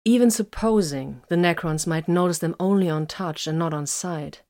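A woman reading a science fiction story aloud in an even, measured narration. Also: on the low side. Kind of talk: scripted narration of sci-fi fiction.

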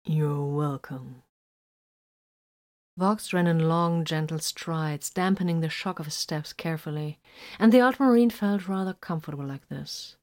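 Low-voiced woman narrating a story. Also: moderate pace, darkish tone. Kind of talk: scripted narration of fan fiction.

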